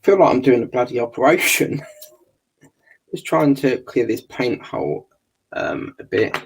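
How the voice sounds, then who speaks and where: A man with a gravelly voice, chatting casually while building a scale model kit and muttering and swearing under his breath. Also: mid-range voice, animated, a little slow, low-quality recording. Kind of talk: casual build video chat.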